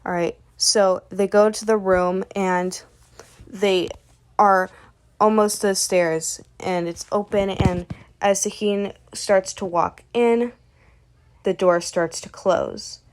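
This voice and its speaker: A woman's voice: medium pitch, fairly even intonation, slow. A woman casually recapping a webcomic story in a rambling way, relaying each character with "and she's like.". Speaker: webcomic recap channel host.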